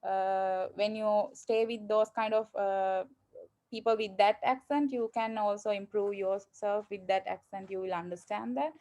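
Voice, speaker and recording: A woman's voice: mid-range voice, steady tone, unhurried, mellow. Sri woman teacher on a video call. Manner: encouraging, hesitant with many fillers. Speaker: English teacher. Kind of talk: online class Q&A.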